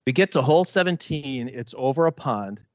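A man's voice: mid-range voice, lively intonation, a little fast, darkish tone, dry recording. A man co-hosting a podcast, telling a long story in casual chat with many false starts and restarts. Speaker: podcast co-host.

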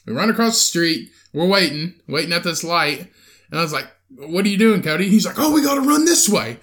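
Podcast co-host, young man, high and bright, profane and animated storyteller. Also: brisk. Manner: profane, animated retelling with quoted voices. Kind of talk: casual storytelling chat.

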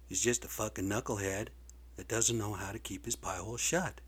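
A man's voice: on the low side, fairly even intonation, moderate pace, a bit bright, breathy edge. A man ranting in a vlog monologue, blunt and profane, getting worked up and swearing freely. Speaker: video blogger. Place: lives in Seattle area.

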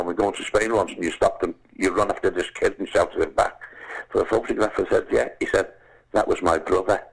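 A gravelly-voiced man from Liverpool, England, an actor appearing as a guest, tells stories in a casual chat. His voice sits lowish and the recording quality is poor. He's an animated storyteller who acts out voices and says "lad."

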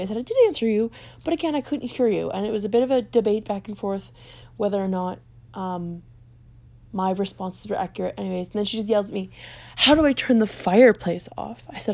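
A woman's voice: medium pitch, gravelly, dark tone, muffled recording. A young woman hosting a podcast, telling exasperated stories full of swearing from her basement bedroom. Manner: profane, exasperated storytelling. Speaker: podcast host. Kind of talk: ranting podcast monologue.

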